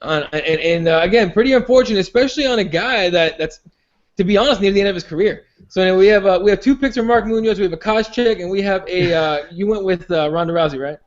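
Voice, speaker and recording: A man with a noticeably high voice hosts a casual podcast chat. He rambles, repeats words and restarts his sentences, and the recording sounds dull and lo-fi. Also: quick pace. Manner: rambling, many restarts and fillers. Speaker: podcast host.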